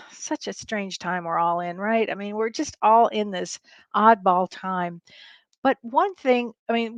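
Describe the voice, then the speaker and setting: A woman's voice: a little high, no room sound. An older woman hosting a live online show as a spiritual medium, chatting casually and upbeat, greeting viewers by name with little laughs. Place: home on a farm in a small rural town.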